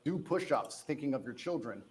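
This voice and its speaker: A man's voice: mid-range voice, expressive, a little hiss or hum. A man in his thirties answering interview questions in an assertive, defiant way. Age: 30s. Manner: assertive, defiant, quick-talking. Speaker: interview guest.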